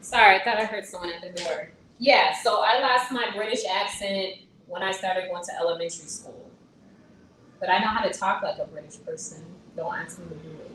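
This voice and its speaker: A woman chatting live with her viewers, answering comments and talking back with animated emphasis. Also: lowish voice, fairly quick. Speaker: vlogger answering live chat. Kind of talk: casual live-stream chat. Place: indoor room on vacation. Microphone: phone on a gimbal. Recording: echoey room, far from mic, noisy.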